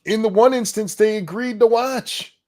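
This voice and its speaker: A man's voice: high voice, normal speed, darkish tone. A middle-aged man co-hosting a casual podcast chat, ranting with strong opinions. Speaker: co-host.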